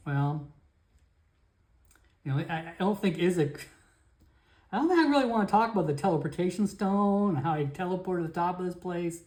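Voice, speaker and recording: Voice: mid-range voice, lively intonation, moderate pace, long pauses, a little mellow. A player narrating a solo tabletop game session, rambling casually with fillers and self-corrections.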